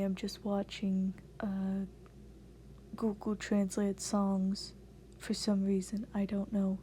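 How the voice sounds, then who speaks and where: A woman giving a casual tutorial voice-over, soft-spoken and hesitant, with a breathy half-whisper and many fillers. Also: mid-range voice, a little hiss or hum. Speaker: voice-acting tutorial creator.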